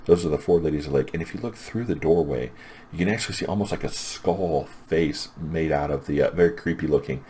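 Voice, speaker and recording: A man's voice: very deep voice, quick pace, mellow, husky. A man casually retelling a comic's plot as a reviewer, rambling and enthusiastic.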